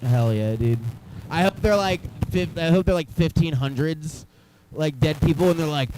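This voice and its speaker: A man's voice: a little high, expressive, normal speed, background noise. A young man doing stand-up comedy in a small club, rambling loosely and teasing the crowd.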